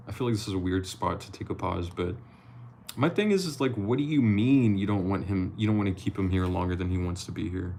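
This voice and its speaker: A man's voice: low voice, brisk, gravelly, a little mellow, slight background noise. A man reading a novel aloud on a live stream, chatting loosely with viewers, swearing casually and slipping over words.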